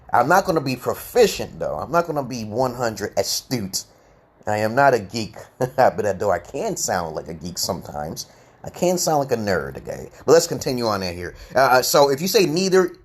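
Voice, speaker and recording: A man's voice: medium pitch, husky. A man in his forties giving a casual, rambling English lesson on a live stream, asking "okay?" again and again. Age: 40s. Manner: rambling, repeats "okay?" often.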